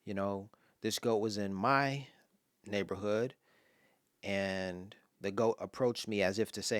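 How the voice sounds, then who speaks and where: A man's voice: on the low side, measured pace, a bit bright, dry recording, clean studio sound. A man from Los Angeles giving casual spoken commentary on his own poem, telling stories with voiced asides and sometimes dropping to a whisper.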